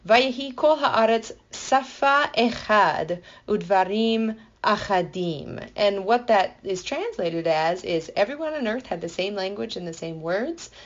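A woman explaining a Bible passage in a playful, enthusiastic way, building excitement as she goes. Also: medium pitch, muffled recording. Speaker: Bible teacher. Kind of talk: explanatory podcast talk.

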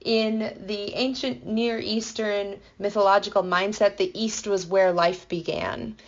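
A woman's voice: medium pitch, measured pace, dull audio. Enthusiastic woman teaching scripture. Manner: playful, enthusiastic, builds excitement. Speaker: Bible teacher. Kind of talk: explanatory podcast talk.

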